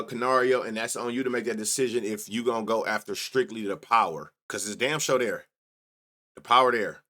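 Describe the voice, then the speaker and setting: A man's voice: lowish voice, sharp tone. A man runs through numbers in a loose, thinking-aloud way. He mutters half to himself and swears casually as he hosts a sports betting show. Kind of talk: casual solo stats rundown.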